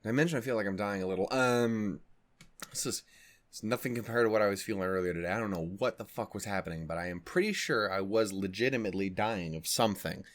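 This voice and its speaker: A man's voice: on the low side, fast. Rambling, profane man hosting a reaction video. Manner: rambling, profane and jokey, many fillers. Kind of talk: casual reaction chat.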